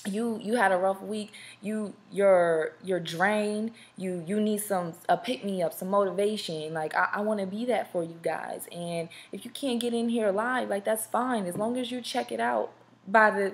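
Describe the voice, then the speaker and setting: A young woman from Southern California hosts a podcast live, chatting casually and directly to viewers in a mid-range voice at normal speed. In this casual live-stream chat, she's chatty and rambles, with fillers and restarts.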